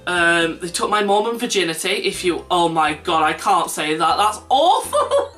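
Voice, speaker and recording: A young man telling a self-mocking anecdote for his vlog, animated and laughing at his own jokes. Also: a little high, moderate pace. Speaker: vlogger. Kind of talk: casual anecdote storytelling. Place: indoors at home. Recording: distant mic with faint background music.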